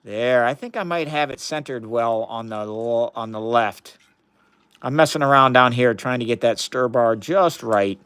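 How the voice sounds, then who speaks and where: A man's voice: medium pitch, measured pace, fairly bright tone, smooth. A man on a live science stream, chatting casually as he runs experiments in a chemistry lab and greets viewers by name.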